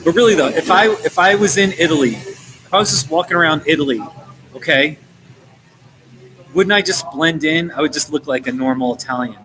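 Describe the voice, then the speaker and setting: A man's voice: fairly high pitch, a little fast, pushed and bright. An American man chatting casually on a live stream from a busy coffee shop, rambling and chuckling between remarks. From United States. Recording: noisy coffee shop background. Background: café chatter and noise.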